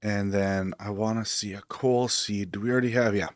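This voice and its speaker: Man, lowish voice, laid-back gameplay commentary, thinking out loud, dry close mic. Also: moderate pace, no echo. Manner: relaxed, rambling, thinking aloud with fillers. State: hiccups. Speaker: streamer.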